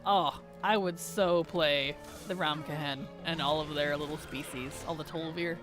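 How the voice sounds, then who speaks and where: A woman streaming a game, chatting casually with viewers, chatty and giggly with animated rants. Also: deep voice, measured pace, over music. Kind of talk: casual gameplay chat with viewers.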